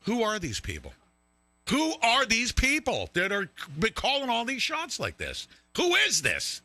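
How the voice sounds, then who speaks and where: A male show host giving loud, riffing live-stream commentary, mocking and sing-song at times. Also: very high-pitched, huge pitch swings, measured pace, no room sound.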